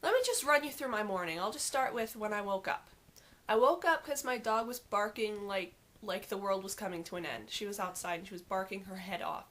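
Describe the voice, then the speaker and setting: A teenage girl telling a vlog story in an animated, sarcastic and exasperated way. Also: medium pitch, a little fast. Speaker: vlogger.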